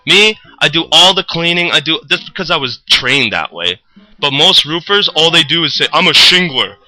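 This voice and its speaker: A man's voice: on the high side, moderate pace, poor audio. A young man telling a rambling, profane story about his job as a roofer, in casual chat. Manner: rambling, profane, animated retelling.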